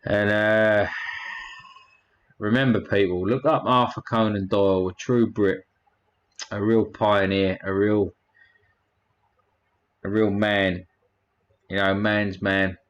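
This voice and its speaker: A man's voice: lowish voice, fairly even intonation, slow, pauses often, muffled recording. A man hosting a casual livestream, rambling and a bit crude as he thanks his chat one by one. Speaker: livestream host.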